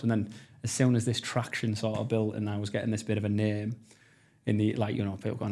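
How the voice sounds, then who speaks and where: In a casual storytelling interview on a podcast, a thirty-something man from North East England talks quickly in a lowish, slightly mellow voice with flat delivery. He carries a North East English accent and tells his story with blunt enthusiasm, swearing freely.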